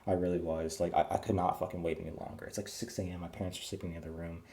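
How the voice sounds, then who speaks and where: Racing along in a low, warm voice with a level tone, a twenty-something vlogger rants to camera at home indoors. It's crude, rambling, and full of fillers, and he keeps his voice down because it's early in the morning; a little hiss or hum sits in the background.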